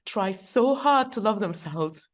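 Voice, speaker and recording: A middle-aged woman, a guest on a podcast, who gives practical advice in a warm, chatty way and laughs often. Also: medium pitch, animated, unhurried, slight background noise. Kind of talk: podcast conversation.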